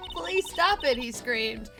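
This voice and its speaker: A woman voicing a lovestruck, doting wife in a video game, with a put-on Southern American lilt and a breathy, sing-song gush. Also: high voice, normal speed, lightly acted. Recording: game music underneath.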